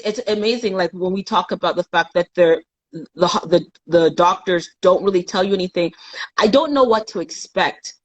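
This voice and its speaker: On a live chat, a young woman from Canada talks frankly as a guest about something painful that happened to her, performing the voices of the others in the story. Her voice is mid-range, and the audio is poor.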